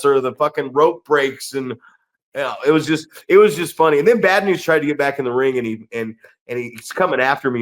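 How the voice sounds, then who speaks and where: A man co-hosting a wrestling podcast, telling ring stories with lots of swearing and acted-out voices. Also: mid-range voice. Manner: animated storytelling, acts out voices, swears a lot. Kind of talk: casual podcast chat.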